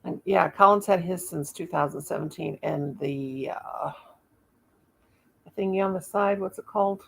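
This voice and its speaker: A woman's voice: fairly low pitch, moderate pace, creaky. A woman hosting a casual live stream from home, rambling and chatting with viewers and often stopping to search for words. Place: home, in the dark with one light on.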